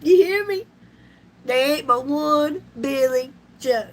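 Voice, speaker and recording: A woman's voice: high-pitched, takes it slowly, slight background noise. A middle-aged woman, chatting on a live stream with folksy slang and frequent laughter. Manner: laughs often, folksy and loud, down-home slang. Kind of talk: casual live-stream chat.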